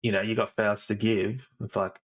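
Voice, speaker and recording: A man's voice: fairly low pitch, level tone, normal speed. Easygoing man co-hosting a podcast. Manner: easygoing, explains at length. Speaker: podcast co-host. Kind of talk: casual chat.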